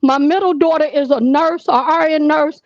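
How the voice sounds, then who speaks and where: A woman's voice: high voice, moderate pace, dull audio. A woman in her sixties calling in to tell a long personal story in an earnest, emphatic, repetitive way. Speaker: caller.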